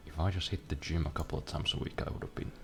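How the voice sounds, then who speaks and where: A man's voice: extremely low pitch, fairly even intonation, fast, faint music behind. A young man streaming a game, chatting casually in a rambling, profane, self-deprecating way at his computer desk. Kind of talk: casual chat while gaming.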